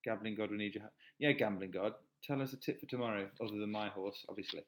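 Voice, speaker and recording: A man's voice: lowish voice, fast, a little hiss or hum, low-quality recording. A man chatting casually on a live stream, reading viewer comments aloud and joking back. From England.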